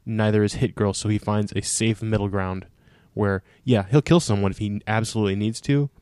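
A man's voice: fairly low pitch, fairly even intonation, fairly quick, darkish tone, clear, resonant tone, no room sound, studio quality. A man in casual podcast chat, earnestly arguing his point about a comic book. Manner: earnest, defends his view.

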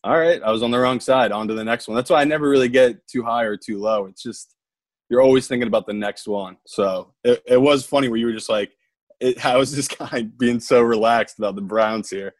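A man co-hosting a podcast, talking sports bets in a relaxed, matter-of-fact way. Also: mid-range voice, fairly quick, no echo. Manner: laid-back, calls people buddy and man. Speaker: podcast co-host. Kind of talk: casual sports betting chat.

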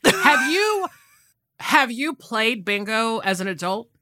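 A woman's voice: fairly high pitch, sing-song, slow pace, pushed and bright, dry recording. A woman co-hosting a podcast, chatting casually with emphatic swearing. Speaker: podcast co-host. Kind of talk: casual chat.

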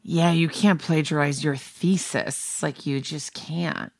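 A woman's voice: low voice, fairly even intonation, slow pace, no echo, studio quality. A woman co-hosting a podcast, talking in an eager, explanatory way and sharing stories with enthusiasm. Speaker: podcast co-host. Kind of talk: casual chat.

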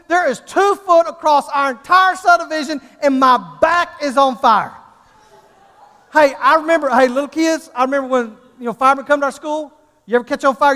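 A middle-aged man preaching from the pulpit in an unusually high voice. He tells his story with excitable, animated energy and then leans into urgent appeals. His voice rings out in a large sanctuary with a long, lingering reverb. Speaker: pastor. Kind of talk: sermon with a comic personal story.

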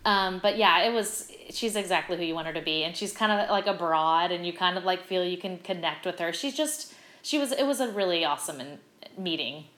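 A middle-aged actress telling stories in a casual interview, animated and full of fillers. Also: female voice, fairly low pitch, fairly quick, echoey room. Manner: bubbly, animated storytelling with many fillers. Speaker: guest, stage actress.

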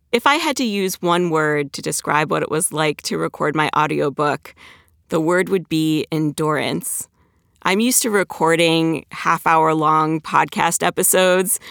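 A woman's voice: low voice, vocal fry, a bit bright, no room sound, studio quality. A woman in her forties, an author and podcaster, talking casually and plainly about her book. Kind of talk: casual spoken reflection.

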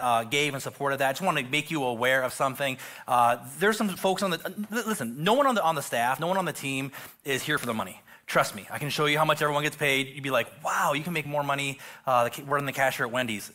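A middle-aged male pastor preaching a casual sermon, joking and filling pauses with restarts. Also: a little high, sharp tone. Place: church stage.

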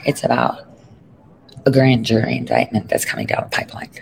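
A man's voice: medium pitch, fairly even intonation, fairly quick, gravelly, a little hiss or hum, low-quality recording. A man giving a rambling, profane vlog update from an airport lounge, talking into a phone strapped to his arm.

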